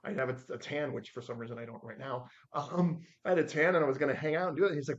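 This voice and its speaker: A man in his forties telling stories as a podcast guest, acting out the quotes with lively shifts in voice. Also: medium pitch, quick pace, highs cut off. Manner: animated storyteller acting out his own quotes. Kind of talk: storytelling in a podcast interview.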